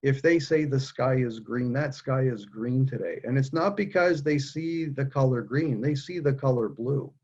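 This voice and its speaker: Husky-voiced man talking earnestly on a call. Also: mid-range voice, darkish tone, dull audio. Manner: earnest, halting, many restarts. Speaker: guest speaker. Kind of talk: candid personal conversation.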